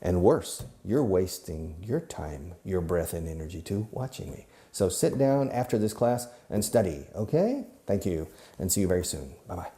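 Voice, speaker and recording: A man's voice: sits low, very animated, normal speed, few pauses, mellow. A middle-aged man teaching English to camera, drilling phrases with repetition and dropping in Spanish asides. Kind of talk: filmed English lesson to camera. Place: classroom or studio filmed by a camera operator.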